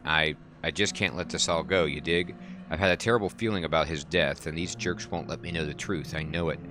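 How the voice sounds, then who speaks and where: A man reading the part of a grieving, worn-out man who drinks and wants the truth about his dead brother, in halting, emotional dialogue. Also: a bass voice, fairly even intonation, music in the background. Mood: bitter.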